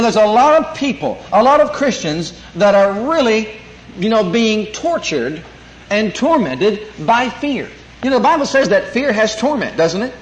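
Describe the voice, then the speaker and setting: A man preaching a sermon, emphatic and calling out for amens as he teaches. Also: sits high. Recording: echoey room, faint noise.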